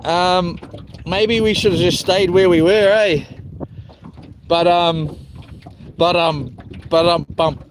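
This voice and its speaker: Speaking slowly with long pauses, a high-voiced man from New livestreams from a small houseboat by phone, amid outdoor noise. He fishes, chats in a laid-back, rambling way, greets viewers by name and swears casually.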